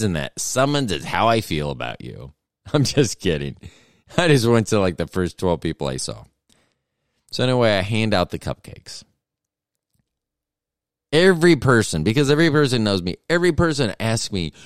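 In clean studio sound with no room echo, a middle-aged man hosts a podcast in a smooth, fairly low voice. His funny story rambles along and keeps breaking off mid-thought.

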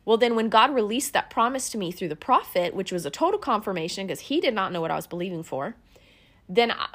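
A woman's voice: medium pitch, a bit bright. A woman giving an earnest, conversational faith teaching built on personal stories, with many fillers and restarts. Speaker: Christian teacher.

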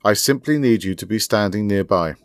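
A man voicing a courteous, enigmatic older male sleuth who asks polite, measured questions. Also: lowish voice, dry recording, clean studio sound, close to an everyday voice.

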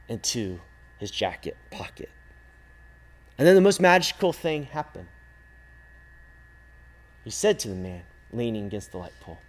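Slow, expressive male storyteller. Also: lowish voice. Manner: slow, expressive telling, swinging from loud calls to hushed near-silence. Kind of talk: dramatic storytelling.

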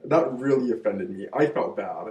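A man co-hosting a casual podcast chat, telling stories in an animated, heated way with plenty of swearing. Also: fairly low pitch, moderate pace. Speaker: podcast co-host. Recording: roomy echoey room.

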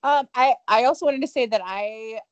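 A woman's voice: fairly high pitch, normal speed, no echo, dull audio. A young adult woman co-hosting a podcast in a bubbly, exclaiming casual chat. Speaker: podcast co-host.

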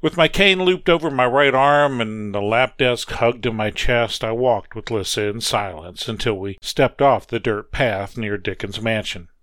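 A man narrating a first-person story as an audiobook reader, measured and reflective. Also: medium pitch, a bit bright, no room sound.

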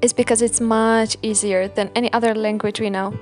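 A woman's voice: on the high side, level tone, brisk, a little mellow, soft background music. A young Algerian woman with an Algerian accent and American-learned English, co-hosting a casual podcast with playful asides and frequent laughs. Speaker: podcast co-host.

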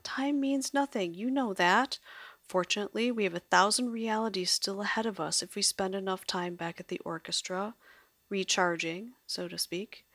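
A woman voicing a sharp, fierce young female spy who speaks urgently and with scorn in a read-aloud story. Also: mid-range voice, normal speed, no room sound. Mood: soothing.

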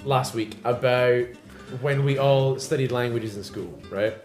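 A man's voice: mid-range voice, a little slow. A young man and podcast co-host, telling a rambling story in casual, tipsy banter with lots of laughing. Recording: roomy echo, music behind.

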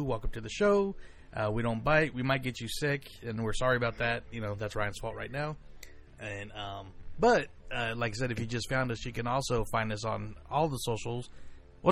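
A man's voice: mid-range voice, gravelly, a bit bright. Rambling, joking man hosting a podcast. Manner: rambling, joking, lots of fillers. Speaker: podcast co-host. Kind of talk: casual podcast chat.

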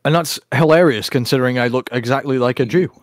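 A man's voice: medium pitch, fast talker, no echo. A man hosting a casual podcast chat, rambling and provocative, often breaking into laughter.

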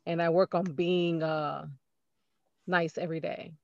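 A woman hosting a podcast in casual conversation, warm and encouraging, laughing along with her guest. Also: fairly low pitch, steady tone, unhurried, gravelly, dry recording, dull audio.

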